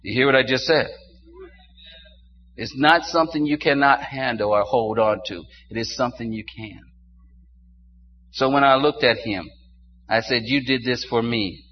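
Older male pastor, sermon delivery, quiet asides building to fervent exclamations; lo-fi church recording. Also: mid-range voice, moderate pace, pauses often. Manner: preaching to a congregation, swings from quiet to rising exclamations. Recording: dull muffled sound with faint hum.

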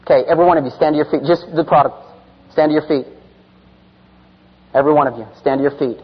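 A fairly high, husky male voice preaches a sermon, surging into loud, urgent passages and sinking into hushed, almost whispered storytelling. The sound is dull and muffled, with a long reverb trailing through a large hall. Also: steady tone, quick pace. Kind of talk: sermon with altar call.

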